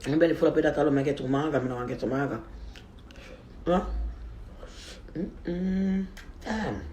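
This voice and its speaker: This food vlogger's voice is on the high side with a darkish tone, moderately paced as he rambles casually to viewers and speaks with his mouth full while eating. The echoey recording has a little hiss or hum.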